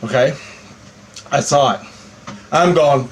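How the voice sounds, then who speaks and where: A man telling a story in a rambling, profane monologue, swearing constantly and getting animated as he tells it. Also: mid-range voice, normal speed, a little hiss or hum. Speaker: vlogger.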